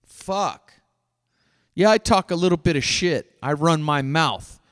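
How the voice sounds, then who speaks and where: A man's voice: fairly high pitch, animated, takes it slowly, a bit bright. A middle-aged man hosting his own podcast, delivering a blunt, profane solo rant. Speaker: podcast host. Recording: dry voice with long reverb tail.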